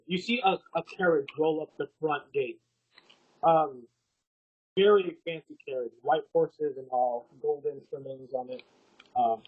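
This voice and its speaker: A man game master talks the players through the scene in a loose, rambling way, full of ums and restarts. His voice sits high for a man and comes out husky. The podcast audio is lo-fi and dull. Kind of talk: narrating a tabletop game.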